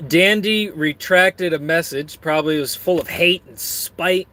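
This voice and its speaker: A man's voice: a little high, measured pace, hardly any pauses, bright, forceful tone, no room sound. A man chatting casually on camera while eating and reading out chat, full of crude, rambling, self-mocking jokes. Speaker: streamer reading chat messages.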